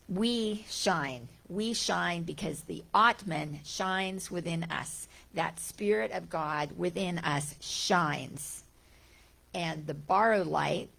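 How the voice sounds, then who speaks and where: Slow-paced woman giving a spiritual talk. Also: lowish voice, creaky, a bit bright, husky. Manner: conversational, repeats phrases, voices inner thoughts. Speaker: guest speaker. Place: church sanctuary.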